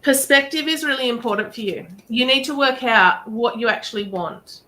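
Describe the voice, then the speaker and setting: A woman's voice: a little high, moderate pace, sharp tone, poor audio. Chatty woman giving encouraging advice. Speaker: psychic reader and show host. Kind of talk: live-stream card reading.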